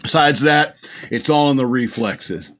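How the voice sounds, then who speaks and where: A man's voice: medium pitch, unhurried, a bit bright. A middle-aged man hosting a show, rambling casually and chuckling often as he gushes about a film. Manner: gushing, chuckling often, many restarts. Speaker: podcast host reviewing a film.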